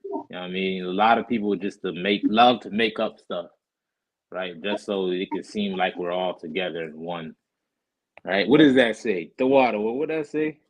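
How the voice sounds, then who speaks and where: A man's voice: deep voice, normal speed, rough recording. A man teaching a class casually over a live stream, informal and often checking in with his listeners.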